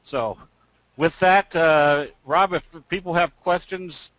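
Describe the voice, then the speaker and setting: A man, the guest trading educator, explaining casually and telling a joke, with an easygoing manner and frequent pauses. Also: on the high side, fairly bright tone, no echo, poor audio.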